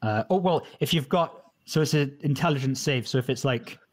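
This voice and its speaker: A man running a fantasy tabletop game, describing scenes and calling for rolls in a relaxed, loose way. His voice sits at an ordinary middle pitch, and he often stops and restarts his sentences as he goes. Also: brisk. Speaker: dungeon master. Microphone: home mic on a live stream.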